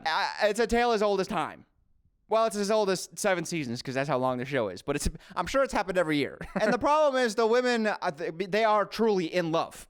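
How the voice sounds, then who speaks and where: A man's voice: high-pitched, smooth. A man hosting a video, giving jokey, sarcastic commentary. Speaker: video host. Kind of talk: comedic commentary.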